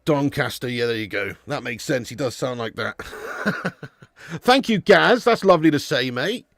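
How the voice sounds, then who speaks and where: A man's voice: medium pitch, lively intonation, a little slow, fairly bright tone, dry recording, clean studio sound. A young man hosting a live football watch-along, chatting casually and bantering with viewers. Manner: chatty, banter with viewers, jokey put-on accents.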